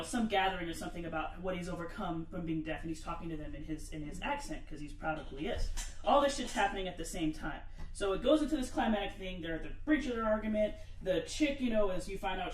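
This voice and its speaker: A man on a podcast, telling a story in animated casual chat, acting out the quotes and swearing a lot. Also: high-pitched, echoey room, recorded from a distance, a little hiss or hum, poor audio. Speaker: podcast co-host.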